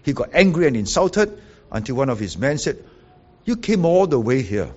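A man's voice: mid-range voice, big pitch swings, moderate pace, highs cut off. A man preaching and teaching the Bible, explaining the original text and often checking in with his listeners. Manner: explanatory, checks in with "okay?" and "right?". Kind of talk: teaching sermon.

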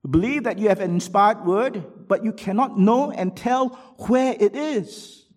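Taking an unhurried pace, this preacher alternates booming rhetorical questions with low asides and reads book quotations aloud during his sermon.

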